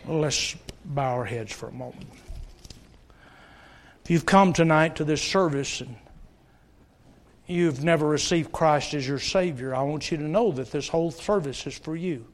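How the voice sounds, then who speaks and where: A man's voice: on the high side, normal speed, pauses often. A middle-aged man preaching a sermon at a church service, telling stories and pleading earnestly with the congregation. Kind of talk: sermon with altar call.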